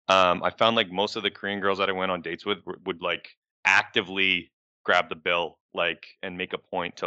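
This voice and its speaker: A man's voice: sits low, sharp tone, clear, resonant tone, dry recording, lo-fi sound. A man co-hosting a podcast, talking casually and hesitantly with many fillers. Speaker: podcast co-host. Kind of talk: casual chat.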